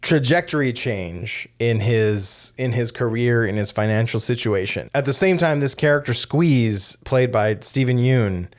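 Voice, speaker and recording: A man's voice: medium pitch, animated, measured pace, few pauses. A man co-hosting a podcast, talking through a film in a loose, rambling way with many restarts. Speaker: podcast co-host. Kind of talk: casual film discussion.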